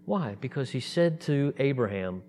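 A man preaching a sermon, animated and acting out the voices of the people in his story. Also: medium pitch, moderate pace. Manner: animated, acts out voices in quotes.

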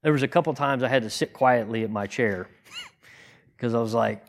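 A man's voice: medium pitch, normal speed. A man giving a conversational sermon, earnest and plain-spoken, asking rhetorical questions and often restarting his sentences. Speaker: teacher in a congregation.

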